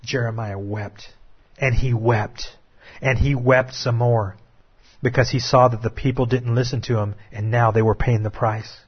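A man preaching a sermon with impassioned, drawn-out dramatic phrasing. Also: medium pitch, fairly even intonation, husky, highs cut off.

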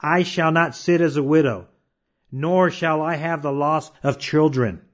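A man preaching a sermon emphatically, reading scripture slowly and firing off rhetorical questions. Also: a little high. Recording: dull lo-fi sound.

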